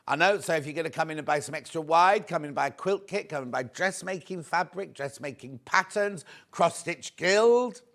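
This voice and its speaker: A man hosts live TV selling and keeps up a bright, chatty patter. His voice sits a little high for a man. He greets viewers by name and keeps urging them to buy before stock runs out. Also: moderate pace, few pauses. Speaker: shopping channel presenter.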